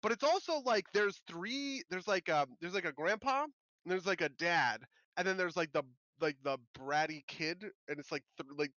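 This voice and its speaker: A man co-hosting a casual podcast, talking in loose, rambling runs and laughing as he mimics reality TV. His voice sits a bit high and sounds bright and tense. The recording is dry and slightly dull. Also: expressive, normal speed, no room sound. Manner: rambling, laughing, mock-quoting shows. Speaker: podcast co-host. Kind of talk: casual chat.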